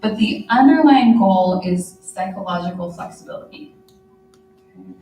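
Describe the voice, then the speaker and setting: A woman's voice: lowish voice, animated, normal speed, warm tone, slight background noise. A woman therapist giving a conversational conference lecture, often tagging her sentences with "right?". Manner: conversational, frequent "right?" tags. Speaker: therapist presenter. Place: conference room. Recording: echoey room from far off.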